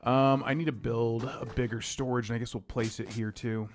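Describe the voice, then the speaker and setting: A man's voice: medium pitch, fairly even intonation, moderate pace. A young man giving casual, rambling gameplay commentary as a streamer, humming and scatting to himself between thoughts. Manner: chatty, rambling, hums and scats to himself. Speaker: game streamer. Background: game music.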